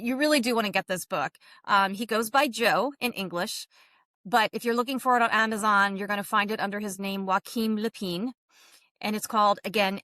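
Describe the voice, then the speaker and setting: A woman's voice: medium pitch, a bit bright, no echo. A woman hosting a podcast, introducing the episode in a chatty, enthusiastic way and laughing at herself now and then. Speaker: podcast host.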